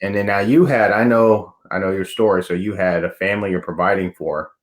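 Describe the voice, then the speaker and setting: A man's voice: sits low, steady tone, a little fast. A man hosting a veterans' podcast interview, speaking in a supportive, reflective and plain-spoken way. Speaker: podcast host. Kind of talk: conversational interview.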